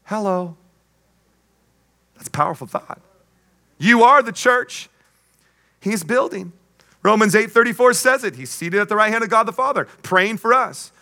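A man's voice: high-pitched, moderate pace, pauses often, bright, forceful tone. A man preaching a sermon as pastor, emphatic, with call-and-response asides and playful jokes.

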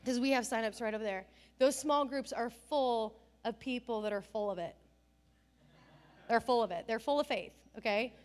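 A middle-aged woman pastor giving a sermon, telling family stories and acting out the people she quotes. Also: on the high side. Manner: animated storytelling, acts out family scenes and quotes with bursts of laughter.

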